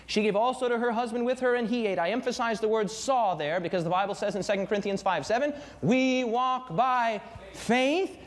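A young man preaching a sermon with fervor, swinging his pitch and pace for emphasis.

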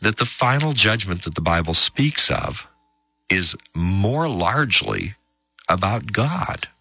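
Emphatic deep-voiced man teaching scripture. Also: very animated, pushed and bright, breathy edge, no echo, dull audio. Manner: emphatic, with drawn-out dramatic pauses and sudden quick asides. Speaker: radio Bible teacher and host. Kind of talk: radio Bible teaching.

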